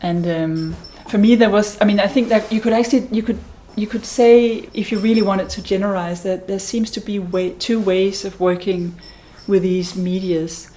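Mellow-voiced woman artist being interviewed. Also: mid-range voice, fairly even intonation, moderate pace, few pauses, a little hiss or hum, poor audio. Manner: thoughtful, hesitant with restarts. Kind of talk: casual interview.

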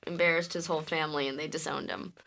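Bright-voiced woman chatting on a podcast. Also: low voice, steady tone, fast talker, creaky. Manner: laughs easily, rambling, swears casually. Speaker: podcast co-host. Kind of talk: casual chat.

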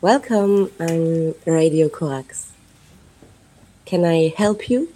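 Slow, dark-voiced woman performer. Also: sits low, poor audio. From France. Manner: slow, repetitive, incantatory phrasing. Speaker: performance artist. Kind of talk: improvised radio performance.

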